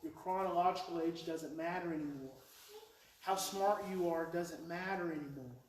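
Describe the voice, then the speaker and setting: A man speaking at a live presentation, relating a story in a high voice that swings into loud mimicry of a screaming child. He is heard from some distance in an echoey hall. Faint noise sits under the whole recording. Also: moderate pace. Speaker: parenting speaker.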